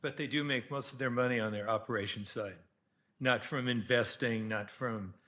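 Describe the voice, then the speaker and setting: A man on a city council, speaking haltingly with many restarts while questioning a company's financials. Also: medium pitch, sharp tone. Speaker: council member. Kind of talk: council deliberation.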